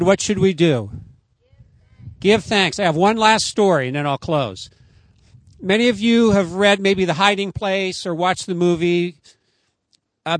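A man's voice: sits high, no room sound. A man preaching a sermon outdoors, earnest and emphatic as he tells a story to his listeners. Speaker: pastor.

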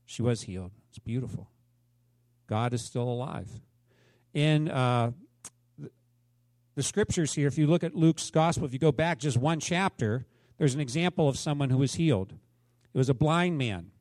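A man's voice: mid-range voice, expressive, moderate pace, darkish tone, dry recording. A man preaching a sermon to his congregation in a conversational way, often asking them questions. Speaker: pastor.

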